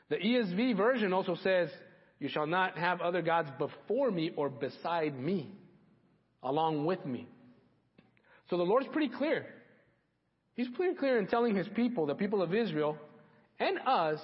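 A man's voice: on the high side, big-room sound, dull audio. A man preaching a sermon, emphatic, repeating key phrases for weight. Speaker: pastor.

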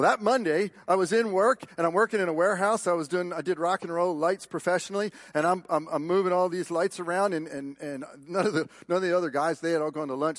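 A male pastor preaching a sermon, telling personal stories with repeated words and shifting from loud emphasis to hushed tones. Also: on the high side, no echo. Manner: storytelling with repeated words and quick asides. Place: church.

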